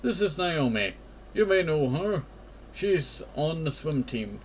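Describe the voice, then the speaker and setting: A man voicing a teasing high-school girl who helps at the church, in a light, mocking tone. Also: sing-song, slow, slight background noise, full character voice.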